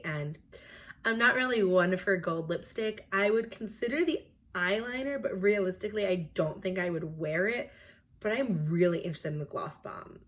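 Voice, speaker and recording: Chatty young woman reviewing makeup. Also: on the low side. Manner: chatty, opinionated, filler-heavy. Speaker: beauty vlogger. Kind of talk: casual product review.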